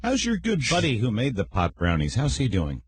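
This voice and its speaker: A man's voice: medium pitch, wildly swooping pitch, a little fast, husky, dry recording. A man co-hosting a radio talk show, chatting casually with short questions and reactions. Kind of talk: casual chat.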